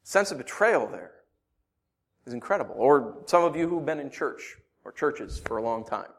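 Male pastor, 30s, lively sermon delivery with big pitch swings, loud bursts and hushed asides. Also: normal speed, vocal fry. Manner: animated, swings from loud outbursts to quiet asides.

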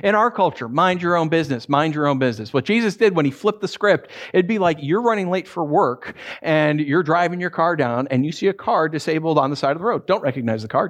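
A man preaching a sermon as pastor, conversational and animated, with many fillers and restarts and wry asides. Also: a little high. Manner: swings into acted quotes and wry humor.

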